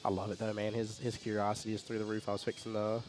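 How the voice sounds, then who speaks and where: A man's voice: lowish voice, monotone, fast talker, faint music behind. A man, commentating a pool match in a casual, chatty way. He laughs often and repeats words as he tells stories. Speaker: pool commentator and division rep. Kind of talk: casual live sports commentary.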